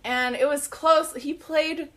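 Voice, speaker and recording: Young woman, slightly high voice, eager and giggly anecdote teller. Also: takes it slowly. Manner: excited, giggly, lots of fillers. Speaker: guest telling a story. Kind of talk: casual storytelling.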